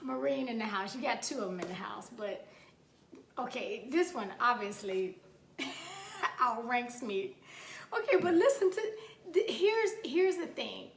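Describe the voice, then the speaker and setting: A woman hosting a talk show, telling stories in an animated, playful way and laughing often. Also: on the high side, a little slow, vocal fry, long pauses, reverberant, slight background noise. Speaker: radio show host. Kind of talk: casual chat.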